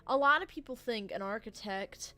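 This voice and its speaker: A woman livestreamer chatting casually with her viewers late at night, rambling and easily distracted, with sudden loud bursts of excitement. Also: on the high side, moderate pace. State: tired from the late hour.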